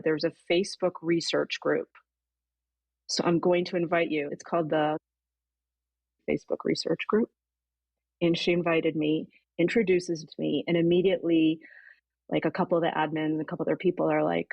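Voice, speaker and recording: A woman's voice: sits low, normal speed, gravelly, dry recording, highs cut off. A woman, a podcast guest, earnestly retelling an emotional personal story and voicing her own past thoughts. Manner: earnest, animated retelling with quoted inner thoughts.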